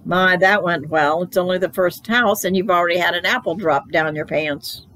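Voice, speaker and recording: A woman voicing a tired, patient mother in a storybook read-aloud, slow and dry. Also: lowish voice, fairly bright tone, natural voice. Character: weary, patient mother of a young girl.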